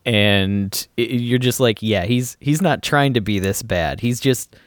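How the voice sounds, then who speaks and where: A man co-hosting a casual movie review podcast, relaxed and chatty. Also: mid-range voice, unhurried, no room sound. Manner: relaxed, chatty, with frequent "uh" fillers. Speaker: podcast co-host.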